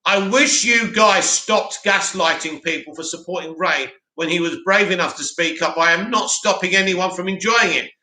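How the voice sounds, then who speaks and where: A man's voice: high voice, normal speed, hardly any pauses, pushed and bright, echoey room, rough recording. A man with a sore throat hosting a casual livestream, reading chat comments aloud and giving blunt opinions.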